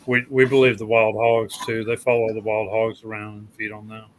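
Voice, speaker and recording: A man's voice: lowish voice, completely flat delivery, fairly quick, low-quality recording. A man joining a livestream as a guest, making short, laid-back remarks. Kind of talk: casual livestream chat.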